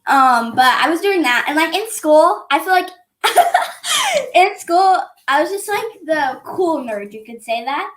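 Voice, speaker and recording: A teenage girl with a high, bouncy voice that swoops up and down as she tells stories. She giggles often and slips into little impressions of the people around her. Casual, chatty interview talk. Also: measured pace. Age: teens. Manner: giggly, animated, acts out quoted dialogue. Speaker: guest.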